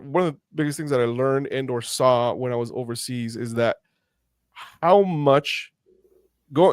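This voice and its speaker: A male podcast host from Mexico speaks in a middle-pitched voice, recorded close and dry with no room sound. He talks with passion and rambles, restarting sentences often as he works his way to a point. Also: dry recording. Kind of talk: casual interview chat.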